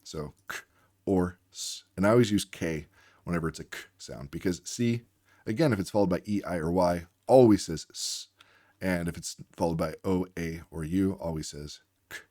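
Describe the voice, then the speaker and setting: A man's voice: deep voice, moderate pace, warm tone, no echo, studio quality. A man working as a reading tutor, patiently explaining word spellings while acting out both teacher and student. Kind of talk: instructional demonstration.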